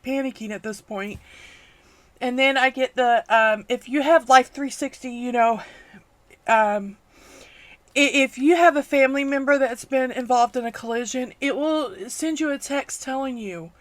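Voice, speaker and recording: A middle-aged woman, hosting a crafting vlog, talking tearfully with many pauses and fillers. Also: high-pitched, no echo. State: near tears. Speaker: crafting channel host. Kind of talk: emotional personal vlog.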